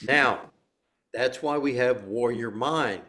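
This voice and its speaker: An older man giving a dharma talk to a meditation group, mixing teaching with stories. He is playful and laughs easily as he tells them, in a voice of ordinary pitch. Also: takes it slowly, sharp tone.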